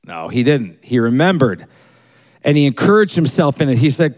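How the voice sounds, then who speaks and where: A man preaching a sermon, retelling a story and acting out its people with quick changes in his voice. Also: mid-range voice. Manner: animated, acts out the people in the story with quick shifts in voice. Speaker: pastor.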